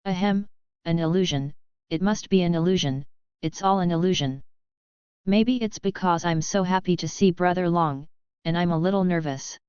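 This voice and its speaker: A man's voice: sits high, normal speed, clear, resonant tone, no echo, natural voice. A woman voicing a nervous, fawning young crook who grovels and swears, in a dull lo-fi audiobook recording. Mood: flustered.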